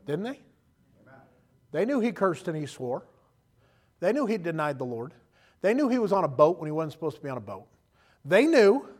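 A preacher with a high, ringing voice delivers an impassioned sermon. He drops to quiet asides, then builds to loud calls, and plays out other people's voices as he goes. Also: big pitch swings, fairly quick, long pauses, breathy edge. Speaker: pastor.

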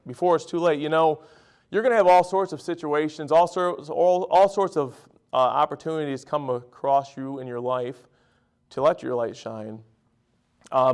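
A middle-aged man preaching a sermon. He talks in a conversational, storytelling way, with emphatic bursts. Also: a little high.

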